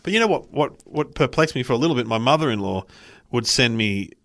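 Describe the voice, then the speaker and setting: Animated middle-aged Australian man. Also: mid-range voice, fast, dry recording. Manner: animated, acts out voices in anecdotes. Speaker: podcast co-host. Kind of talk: casual chat.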